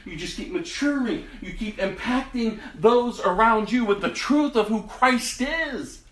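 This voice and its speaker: A man preaching a sermon to his congregation, impassioned and dramatic, dropping to a hush and then rising to a loud cry. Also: high-pitched, expressive, measured pace, roomy sound. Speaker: pastor.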